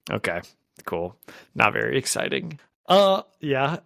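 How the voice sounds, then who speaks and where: A man hosting a casual comic book podcast, animated and quick to laugh. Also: medium pitch, vocal fry, no echo, studio quality. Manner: animated, laughs often, acts out quotes. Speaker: podcast host.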